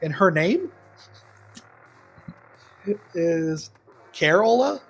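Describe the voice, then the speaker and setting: Husky-voiced man recapping a movie. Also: on the high side, sing-song, very slow, faint music behind. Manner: rambling retelling with frequent ums and laughs. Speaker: podcast co-host. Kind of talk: casual film-review chat.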